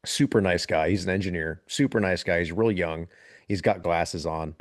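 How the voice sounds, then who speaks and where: A man, a military veteran, telling a story on a podcast in a casual, animated way and laughing as he goes. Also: sits low, moderate pace, no echo, clean studio sound.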